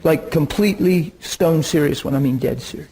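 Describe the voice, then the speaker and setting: A man preaching, telling a story from his ministry in an animated way with bursts of excitement. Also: a little high, moderate pace, poor audio. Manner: animated, laughs and bursts into excitement while recounting. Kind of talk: sermon storytelling.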